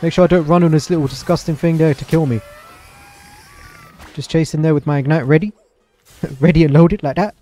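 A young man commentates his own match live for his stream, chatty and excitable. His voice sits a little high, with a mellow, soft tone. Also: brisk, long pauses, soft background music. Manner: excitable, chatty, apologetic asides to chat.

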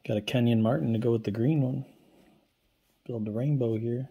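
A man opening basketball card packs on camera, commenting quietly and casually as he goes. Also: fairly even intonation, normal speed, vocal fry, breathy edge, dull audio. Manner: low-key, talks quietly while handling cards.

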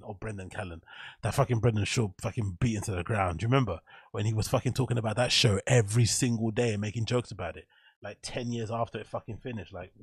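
A man's voice: fairly low pitch, slightly rough, no echo. Dry-sounding man riffing sarcastically. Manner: swears freely, rambling and joking. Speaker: reaction video host. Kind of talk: casual reaction commentary.

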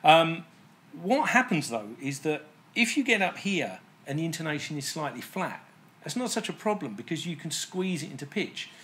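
A man's voice: fairly high pitch, very animated, normal speed, fairly bright tone, a little hiss or hum. Methodical male guitar tech explaining. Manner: plain, methodical, with many um and uh fillers. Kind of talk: technical explanation.

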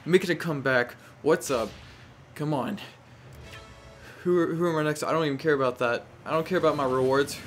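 Young male gameplay commentator: casual, animated, reactive, faint game music underneath. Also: a little high, moderate pace, pauses often. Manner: animated, talks to the game, frequent exclamations.

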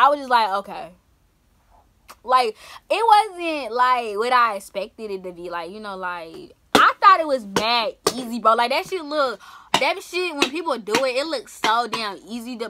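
A young woman vlogger telling a story casually, full of slang, swinging from loud outbursts to hushed asides. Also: a little high.

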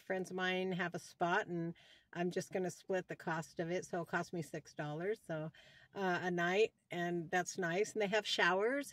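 A woman's voice: fairly low pitch, fairly bright tone, dry recording. A woman in her sixties talking to her followers in a heartfelt, rambling way. She often repeats herself and keeps thanking God between thoughts. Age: 60s. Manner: openly devout, praising God between thoughts. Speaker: vlogger giving a personal health update. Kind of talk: casual talk to camera. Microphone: phone.

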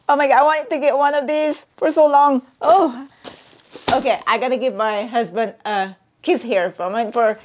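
A woman vlogger chatting casually as she unboxes a gift, excitable and giggly, gushing as she goes. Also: sits high, normal speed, slight background noise.

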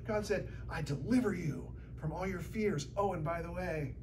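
A woman preaching a sermon in a church, talking in a conversational, lively way with shifting loudness. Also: on the low side, moderate pace, far from the mic, a little hiss or hum.

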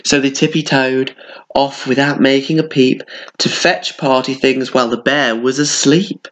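A man's voice: mid-range voice, steady tone, a little slow, a bit bright. A male primary school teacher with a British accent reads a story aloud to children, stopping for chatty asides. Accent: British English. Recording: dull lo-fi sound.

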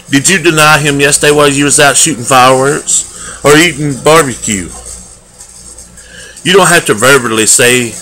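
A man giving a daily devotional, earnest and homespun in manner, with loose everyday grammar and drawn-out emphatic phrases. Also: mid-range voice, bright, forceful tone, low-quality recording. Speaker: lay preacher. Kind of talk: folksy daily devotional sermon.

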